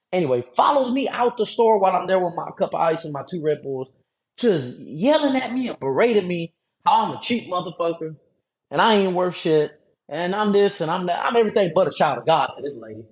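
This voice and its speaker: Profane, animated storytelling man. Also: high-pitched, a little fast. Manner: profane, slangy, animated retelling. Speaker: podcast host. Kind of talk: casual storytelling.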